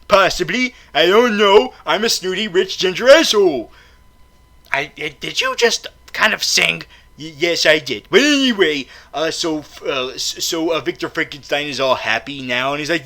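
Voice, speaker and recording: A man's voice: fairly high pitch, lively intonation, a little slow, bright, forceful tone. A man recapping a film in a casual, comedic way, rambling and profane, stammering with many fillers. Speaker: film reviewer.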